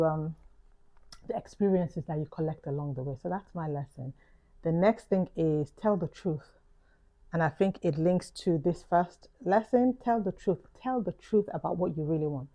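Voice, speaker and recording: A woman with a London accent talks through her reflections in an earnest vlog. Her voice sits low and mellow, and she circles back to key phrases for emphasis. The recording sounds a little muffled and lo-fi. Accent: London English. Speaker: YouTuber.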